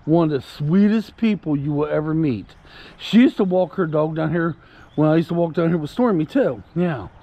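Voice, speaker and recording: A man's voice: fairly high pitch, moderate pace, dark tone. A man vlogging casually while walking his puppy outdoors, rambling and repeating himself and talking soothingly to the dog. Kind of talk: casual chat to camera. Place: outdoors on a walk.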